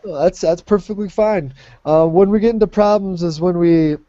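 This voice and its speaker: Upbeat male English teacher, mellow tone. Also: high-pitched, moderate pace, no room sound, highs cut off. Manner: patient, explains by modeling phrases aloud. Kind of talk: classroom teaching.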